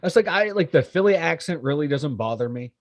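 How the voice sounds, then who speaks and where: A man's voice: fairly high pitch, fairly quick, dry recording. A man, co-hosting a casual podcast chat, sarcastic and self-deprecating. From western Pennsylvania. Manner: animated, sarcastic, self-deprecating, laughs often. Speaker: podcast co-host.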